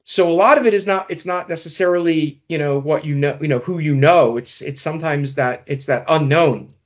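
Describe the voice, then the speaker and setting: A man with a slightly raised pitch speaks in a casual, meandering way. He is hosting a podcast and recounts investigative cases with frequent fillers and restarts. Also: brisk, lo-fi sound. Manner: rambling, many "you know" fillers. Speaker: podcast host, former investigator. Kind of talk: casual conversational storytelling.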